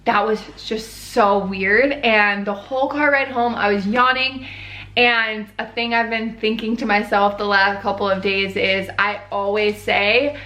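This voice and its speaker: Young woman, casual diary vlogger, chatty and worn out, middling pitch, roomy echo. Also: fairly even intonation, a little slow, bright, forceful tone. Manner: chatty, heavy use of "like", tired.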